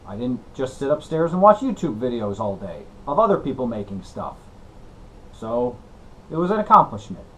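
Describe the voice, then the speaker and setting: A young man hosting a casual woodworking vlog, goofy and excitable, breaking into shouted exclamations. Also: medium pitch, normal speed, a little hiss or hum. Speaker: woodworking channel host.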